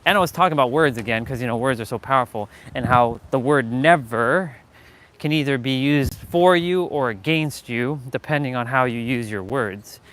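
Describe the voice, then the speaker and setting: A man's voice: medium pitch, normal speed, fairly bright tone, low-quality recording. A man hosting a casual motivational livestream on a clip-on mic, talking energetically and repeating himself for emphasis, with casual swearing. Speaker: fitness livestream host. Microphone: small clip-on mic.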